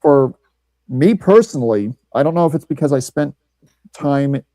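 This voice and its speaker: A man's voice: mid-range voice, expressive, moderate pace, mellow, dry recording, poor audio. A man from Missouri in a casual chat, telling rambling stories with many restarts. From Missouri, USA. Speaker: podcast host.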